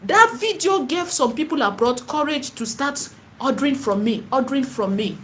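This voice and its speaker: High-voiced Nigerian woman preaching. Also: lively intonation, moderate pace, fairly bright tone. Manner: emphatic and repetitive, slipping into Pidgin and Igbo. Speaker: online seller and spiritual vlogger. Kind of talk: impassioned preaching monologue.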